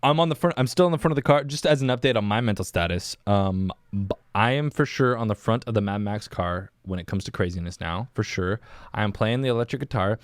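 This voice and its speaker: Rambling young man with a smooth voice. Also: fairly low pitch, fast, dry recording, clean studio sound. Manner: rambling, laughing often, saying "dude" a lot. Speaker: podcast host. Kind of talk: casual solo podcast chat. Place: small windowless indoor room.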